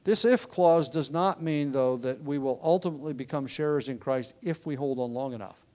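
Man preaching a measured sermon. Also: medium pitch, a little mellow. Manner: measured teaching delivery with occasional restarts. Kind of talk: expository sermon.

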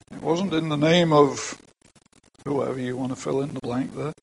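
A man's voice: fairly high pitch, steady tone, moderate pace, gravelly, a little hiss or hum, rough recording. An older man preaching a sermon in a church, talking plainly to the congregation with frequent asides.

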